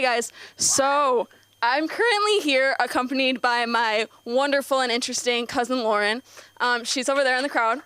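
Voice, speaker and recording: A woman's voice: sits high, sharp tone, slight background noise. Giggly rambling teen girl on stage. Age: teens. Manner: rambling, giggly, lots of fillers. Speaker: open mic comedian. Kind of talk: nervous stand-up set. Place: comedy club stage. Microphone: stage mic.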